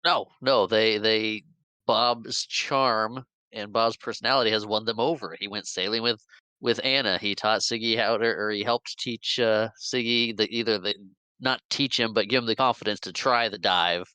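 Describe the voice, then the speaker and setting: Smooth-voiced man in dry podcast chat. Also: on the low side, fairly even intonation, normal speed, bright, forceful tone, no echo. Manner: repeats words as he restarts, chuckles along. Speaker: podcast co-host. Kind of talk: casual movie recap chat.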